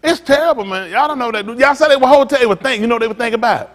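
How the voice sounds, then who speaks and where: A man's voice: very high-pitched, rapid-fire, a bit bright, big-room sound. An older man, a pastor, teasing a group and telling funny stories in a loose, joking way. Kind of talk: comedic storytelling to a group.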